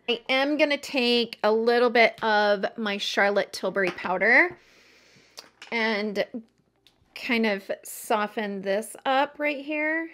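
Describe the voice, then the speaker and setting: A woman's voice: fairly high pitch, takes it slowly, fairly bright tone. A woman chatting casually while doing her makeup for a get-ready-with-me video, chatty and self-mocking. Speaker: beauty vlogger.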